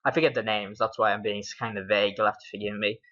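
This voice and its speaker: Speaking fast in a fairly low, steady, slightly bright voice, a British man rambles through recaps of the tabletop games he runs as game master. Fillers and laughter crowd his talk, heard through a dull lo-fi recording.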